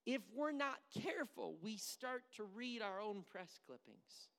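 A pastor delivering a sermon, shifting between hushed near-whispers and loud, emphatic bursts. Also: mid-range voice, lively intonation, measured pace, creaky, big-room sound.

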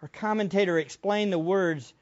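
A man preaching a sermon, emphatic, with many rhetorical questions to the congregation and big swings between loud and soft. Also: high-pitched, moderate pace, highs cut off. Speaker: pastor.

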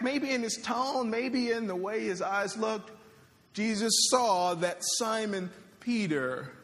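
Male pastor, conversational sermon with joking asides; high-pitched, reverberant hall. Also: a bit bright.

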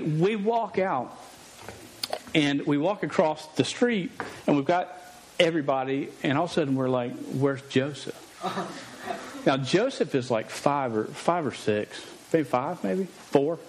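A man's voice: on the high side, a little hiss or hum. Joking, stammering man preaching a story. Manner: stammering, joking and animated, often restarting words. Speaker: pastor. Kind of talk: sermon with a storytelling aside.

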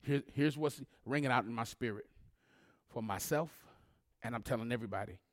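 A man preaching a sermon as pastor, leading call-and-response and swinging between hushed, drawn-out lines and loud, rising ones. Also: mid-range voice, no echo, clean studio sound.

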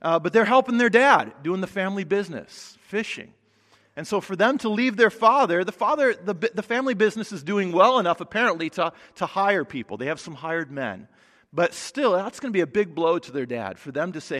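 A male pastor preaching a sermon, conversational and emphatic, often dropping soft for stress. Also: sits high, expressive, fairly quick. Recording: long hall reverb.

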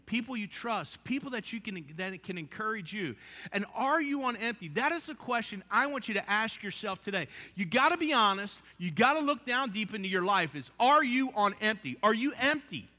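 Animated high-voiced male pastor. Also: normal speed, big-room sound. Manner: animated storytelling with conversational asides. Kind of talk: sermon.

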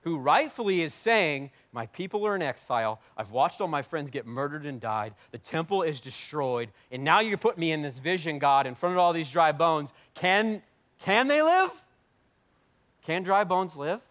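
A man preaching a sermon, animated and jokey, swinging between loud bursts and quiet asides. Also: on the high side, normal speed, hardly any pauses. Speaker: pastor.

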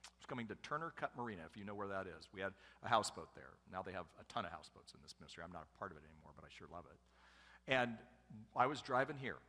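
Lively, bright-voiced man preaching in a hall. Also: deep voice, fast. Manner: humorous, conversational preaching with asides to the congregation. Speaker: pastor and family speaker. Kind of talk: sermon.

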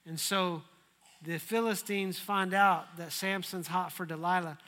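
Male preacher, sermon, lively humorous storytelling, high bright voice. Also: unhurried. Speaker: pastor.

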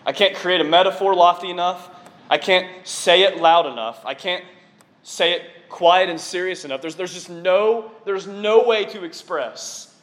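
A man preaching a sermon to his congregation in an excitable, conversational way, often dropping in casual fillers. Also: high-pitched, normal speed. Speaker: preacher on staff.

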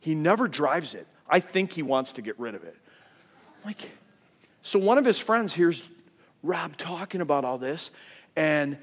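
Middle-aged pastor preaching in a reverberant hall. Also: male voice, high-pitched. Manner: conversational storytelling, swings between quiet asides and loud emphasis. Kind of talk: sermon.

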